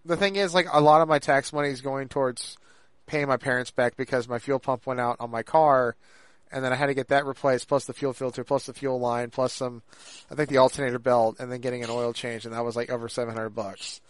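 A man co-hosting a podcast in casual chat, rambling and halting with lots of fillers and restarts. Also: medium pitch, level tone, no echo. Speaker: podcast co-host.

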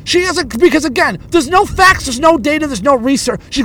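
Very high-voiced man, angry profane rant. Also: lively intonation, brisk, fairly bright tone. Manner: angry, profanity-laden, stammering. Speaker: stand-up comedian.

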